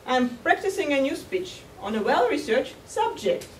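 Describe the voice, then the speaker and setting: A woman voicing a smug, self-assured male hare with an American accent, speaking calmly and politely while brushing others off, recorded from far off in an echoey hall. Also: sits high, normal speed, slight background noise. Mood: smug, dismissive.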